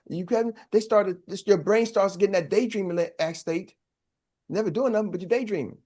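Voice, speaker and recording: Guy coaching sales reps, high voice, preachy call and response. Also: a little fast, dark tone. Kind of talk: motivational training talk.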